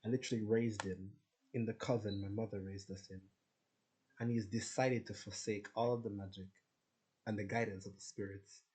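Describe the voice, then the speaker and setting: Brief: male vlogger, lowish voice, candid and profane, rambling monologue. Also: fairly even intonation, normal speed, a little mellow, low-quality recording. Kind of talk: rambling personal rant.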